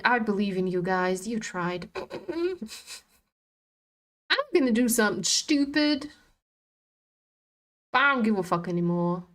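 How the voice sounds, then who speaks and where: A woman's voice: medium pitch, fairly bright tone. A woman hosting a trading livestream, talking frankly and profanely about being tired while she chats with viewers. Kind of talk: casual live-stream commentary.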